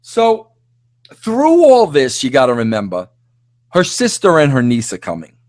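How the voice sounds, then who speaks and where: A middle-aged man hosting a podcast, ranting in a rambling, excitable way full of restarts and filler words. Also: mid-range voice, unhurried, no room sound, studio quality. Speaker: podcast host. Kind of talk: animated solo rant.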